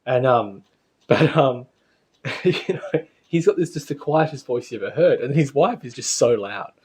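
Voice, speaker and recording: A man's voice: mid-range voice, lively intonation, unhurried, a little mellow, husky. A man giving a casual spiritual lecture to a class, chatty and anecdotal, often laughing.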